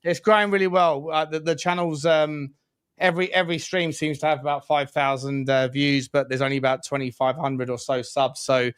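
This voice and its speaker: A man's voice: fairly high pitch, steady tone, fairly quick, a bit bright, clear, resonant tone, no echo, studio quality. A man co-hosting a casual live stream, chatty and matey, often stumbling over his words. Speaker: co-host.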